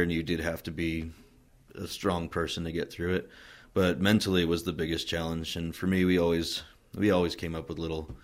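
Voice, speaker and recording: A man from Wyoming recounts his military past in a loose, meandering interview. His voice sits very low and carries a gravelly fry. His pitch barely moves as he talks. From Wyoming, USA. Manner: relaxed, rambling, many fillers and restarts. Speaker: interviewee, Marine veteran. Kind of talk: casual oral-history storytelling.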